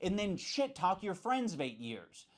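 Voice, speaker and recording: A man with a fairly high voice lays out a grievance in a commentary video. He sounds accusatory and sarcastic, stressing what he sees as the other side's faults. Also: sing-song, a little slow.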